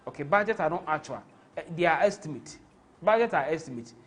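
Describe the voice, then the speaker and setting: A man with a Ghanaian accent hosts a live football stream, his voice sitting a little high. He talks with passion and rambles from one point to the next, mixing in Twi phrases. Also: animated, fast talker. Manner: impassioned, rambling, switches into Twi. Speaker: host.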